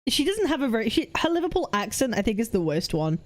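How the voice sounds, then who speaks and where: A woman's voice: on the high side, very animated, quick pace, a little mellow, soft background music. A young woman from Wales, reacting on a live stream with blunt, sweary banter. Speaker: VTuber streamer.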